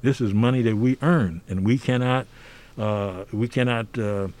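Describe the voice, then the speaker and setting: A man's voice: mid-range voice, measured pace, a little mellow. An older man from the United States giving a podcast interview, talking emphatically and preacherly, often adding "see?". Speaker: podcast guest. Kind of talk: conversational interview.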